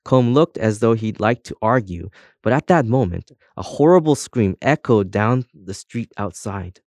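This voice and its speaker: Low-voiced man reading a story. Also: expressive, measured pace, darkish tone, dry recording, clean studio sound. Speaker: narrator.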